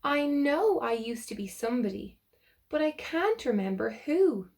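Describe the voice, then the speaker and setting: A woman's voice: a little high, big pitch swings, measured pace, a little mellow. Woman doing weepy see-through Mister Nobody. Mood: mournful. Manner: mournful, melancholy, sobbing.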